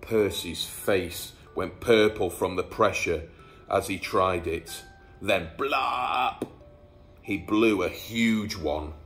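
A man's voice: low voice, takes it slowly, fairly bright tone, faint music behind. A man, a teacher, reading a rhyming bedtime story aloud in a playful storytelling manner. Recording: echoey room.

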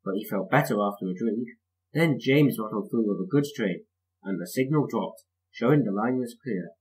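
A man's voice: fairly low pitch, normal speed, rough recording. Man reading a children's story aloud. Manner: lively, expressive read-aloud. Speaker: storybook reader.

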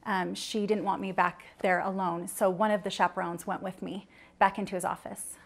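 A woman's voice: medium pitch, little pitch movement, normal speed, vocal fry. A young woman answering interview questions, hesitant and full of restarts, at times close to tears. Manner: hesitant, many ums and restarts, gets teary.

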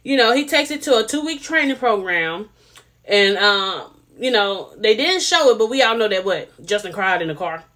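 A woman's voice: mid-range voice, expressive, normal speed, bright, forceful tone. A woman, giving casual, sassy commentary on a reality TV episode and repeating herself for emphasis. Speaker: reality TV reviewer.

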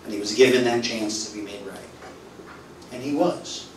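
Pastor, male, preaching sermon, animated storyteller, distant mic in roomy hall. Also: lowish voice, normal speed, a little hiss or hum. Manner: storytelling, acts out quoted dialogue, swings from loud to soft. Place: church hall. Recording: roomy echo, voice from far off, faint ambience.

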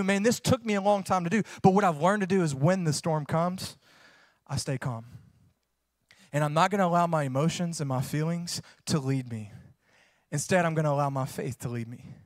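A man's voice: on the high side, fairly quick, no echo. A man, preaching a sermon as a pastor, folksy and joking as he tells stories, then preaching with rising fervor.

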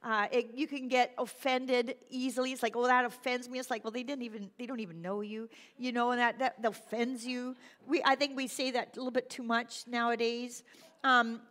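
Woman pastor, middle-aged, sermon, lively and self-deprecating, bright high voice, long church reverb. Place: church sanctuary.

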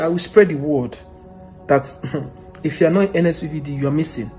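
A man giving an earnest, emotional spoken testimony, now and then bursting into loud praise. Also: fairly high pitch, brisk, faint music behind. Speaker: testimony giver.

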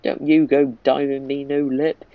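A gruff old cowboy cook from a mobile game, as a man reads his lines aloud. The reading stays plain and unaccented at a middle pitch. The recording is a little dull, with a faint hiss underneath. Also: flat delivery, measured pace. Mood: amused reading.

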